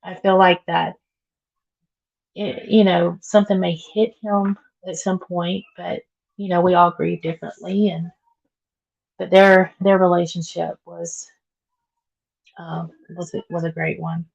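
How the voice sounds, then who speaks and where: A woman's voice: on the low side, flat delivery, a little slow, gravelly, pauses often, lo-fi sound. A woman hosting a casual livestream from home while she cleans. She chats with viewers, answers their comments and laughs often, and her voice is worn from being sick. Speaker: livestream host. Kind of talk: casual live chat.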